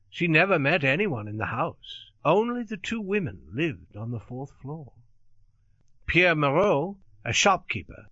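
A man reading a story aloud in a measured, expressive storytelling manner. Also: on the high side, no room sound. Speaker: narrator. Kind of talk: scripted audiobook narration. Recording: dull, lo-fi dry recording.

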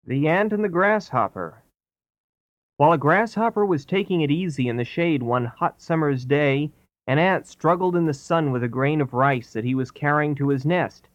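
A man narrating fables in a clear, steady, scripted storybook reading. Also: on the high side, normal speed, no echo. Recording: dull lo-fi audio.

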